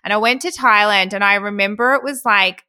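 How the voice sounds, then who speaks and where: A woman's voice: mid-range voice, brisk, pushed and bright, clean tone. A woman, hosting a casual podcast chat in a candid, chatty way and laughing often. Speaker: podcast host.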